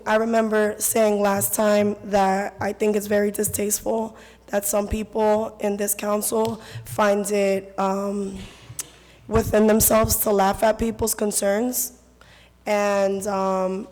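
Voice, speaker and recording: A hoarse woman who has lost her voice, earnestly reading statistics as a public commenter at a council meeting. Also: medium pitch, level tone, unhurried, a little mellow. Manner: earnest, reads statistics, repeats her concerns. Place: council chamber. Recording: reverberant council chamber.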